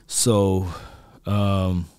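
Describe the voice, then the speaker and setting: A man's voice: deep voice, level tone, extremely slow, a little mellow, clear, resonant tone, no echo, clean studio sound. A man hosting a casual sports talk show, joking, laughing often and talking straight to his viewers.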